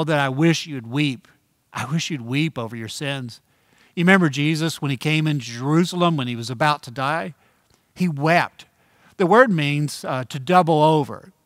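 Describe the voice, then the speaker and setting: A middle-aged man preaching a sermon as pastor, earnest, repeating key phrases and slowing down for emphasis. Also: a little high, fairly bright tone, dry recording, studio quality.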